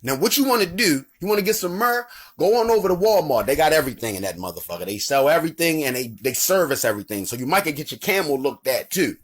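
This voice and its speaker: Animated Baltimore man telling jokes. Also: on the high side, fast, hardly any pauses. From Baltimore, Maryland. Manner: profane, animated and conversational. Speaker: comedian. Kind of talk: comedic storytelling monologue.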